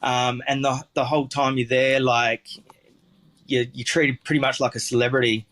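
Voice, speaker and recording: A man's voice: mid-range voice, little pitch movement, moderate pace, fairly bright tone. A man with an Australian accent, a chef telling stories in a casual interview, rambling with lots of fillers and restarts.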